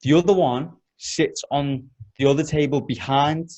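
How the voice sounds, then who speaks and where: This young man's voice runs on the high side at a measured pace as he hosts a podcast. Telling a story in casual talk, he's lively and swears heavily.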